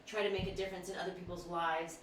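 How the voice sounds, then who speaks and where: Woman co-host, measured and thoughtful, set back from mic. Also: on the low side, flat delivery. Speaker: podcast co-host. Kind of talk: casual chat. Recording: roomy, distant mic, faint hum.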